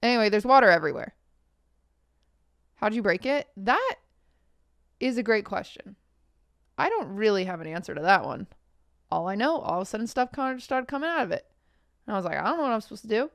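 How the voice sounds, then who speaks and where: Playful young woman streamer, smooth voice. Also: mid-range voice, very animated, fairly bright tone, no room sound, clean studio sound. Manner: playful, joking and quick to laugh. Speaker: live streamer. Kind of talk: casual live-stream chat. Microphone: streaming mic, with earbuds.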